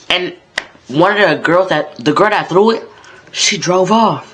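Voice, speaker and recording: A young male vlogger from North Carolina tells a story in a laid-back, conversational way. His high, fairly bright voice is a little slow, and the rough recording has slight background noise.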